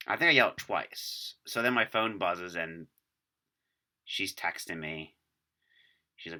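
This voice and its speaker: A man's voice: fairly low pitch, unhurried, pauses often. A man casually telling a rambling, profane story to friends in a group chat. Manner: rambling, profane, animated retelling.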